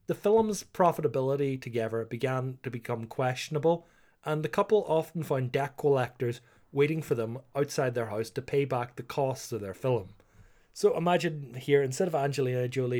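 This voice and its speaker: Speaking with a medium pitch and a slightly mellow tone, this young Northern Irish man hosts history storytelling. In a casual, rambling monologue, he recounts a true story, sprinkling in plenty of "like" and "you know".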